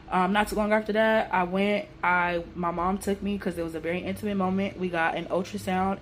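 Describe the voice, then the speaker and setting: A young woman telling a personal story on her vlog in a casual, emotional, animated way with everyday slang. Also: fairly low pitch, slight background noise. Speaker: vlogger.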